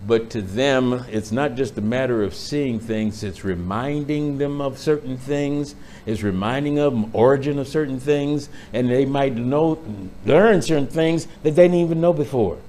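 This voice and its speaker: A man preaching a sermon, reading scripture aloud and then expounding with building emphasis, and dropping to a quieter tone for his stories. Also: mid-range voice, a little slow, a little hiss or hum. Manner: drops to a quieter storytelling tone for anecdotes. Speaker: pastor.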